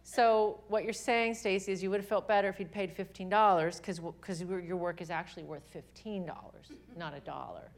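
A woman voicing God as a gentle, patient male presence who reasons with her calmly and softly. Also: brisk, hardly any pauses, lightly acted. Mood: gentle reasoning. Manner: calm, questioning, soft and low.

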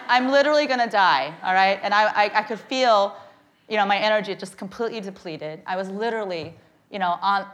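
A woman with a mid-range voice tells a funny personal story to a live audience, with slight background noise audible. She's lively and self-mocking, checking in with "okay?" and "right?"

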